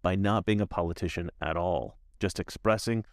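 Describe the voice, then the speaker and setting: A man giving opinionated commentary as a YouTuber, emphatic and repetitive, with animated asides. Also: low voice, moderate pace, no room sound, studio quality.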